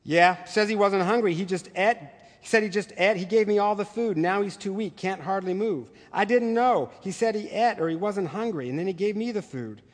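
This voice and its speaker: Man reading as a starving farm boy, croaky flat voice, kinda high, hall echo. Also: moderate pace, close to an everyday voice. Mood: desperate. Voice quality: croaking monotone.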